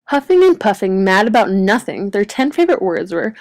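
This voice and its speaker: A woman reading a children's picture book aloud with an expressive, varied storytelling delivery. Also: mid-range voice, fairly quick. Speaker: storybook reader.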